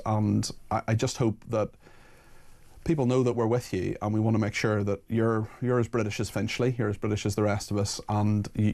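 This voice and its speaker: Earnest Northern Irish radio host. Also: male voice, fairly low pitch, warm tone. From Northern Ireland. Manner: earnest, apologetic, reads listener messages aloud. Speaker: radio talk show host. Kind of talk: phone-in talk radio.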